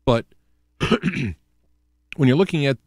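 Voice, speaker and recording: A man's voice: medium pitch, animated, slow, a little mellow, no room sound, studio quality. Rambling Midwestern man hosting a talk show. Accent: Midwestern American. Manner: rambling with many restarts and fillers. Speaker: radio show host. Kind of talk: casual solo talk show.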